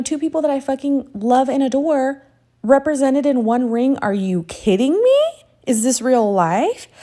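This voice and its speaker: A woman's voice: fairly high pitch, dark tone. A woman in her thirties hosting a crafting tutorial, chatting casually in a gushing, sentimental way with casual swearing. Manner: sentimental and emotional.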